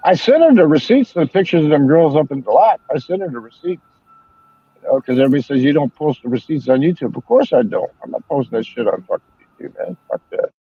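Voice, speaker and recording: A man's voice: on the high side, animated, quick pace, breathy edge, dry recording. An older man chatting casually as a stream host, telling rambling, profane stories. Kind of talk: casual chat. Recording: dull lo-fi sound.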